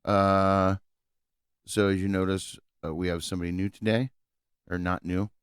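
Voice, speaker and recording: A man's voice: low voice, level tone, moderate pace, smooth, no room sound, clean studio sound. A young man co-hosting a podcast in casual chat, laid-back and swearing freely as he laughs along. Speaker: podcast co-host.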